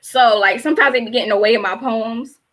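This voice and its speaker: A woman in her twenties from Baltimore, USA, with the local accent, is a spoken word poet on a live-streamed online show, moving between performance and casual chat. Her voice is on the high side, quick and fairly bright, and her delivery is rhythmic and emphatic.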